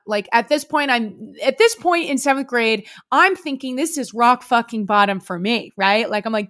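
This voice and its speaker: A woman's voice: on the high side, brisk, few pauses, fairly bright tone. Chatty young woman telling a story. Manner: chatty, swears freely, lots of "like". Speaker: podcast host. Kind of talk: casual storytelling monologue.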